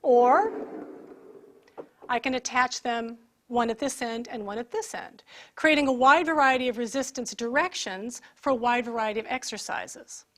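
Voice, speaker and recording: High-voiced woman demonstrating equipment. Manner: clear step-by-step explaining while handling equipment. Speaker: equipment instructor. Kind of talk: product demonstration.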